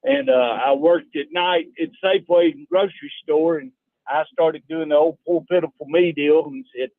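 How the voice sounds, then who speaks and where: A Texas man phones in to a radio show to tell a folksy story. His voice is fairly high and moderately paced, with no room sound, and it comes through a phone on a tinny line.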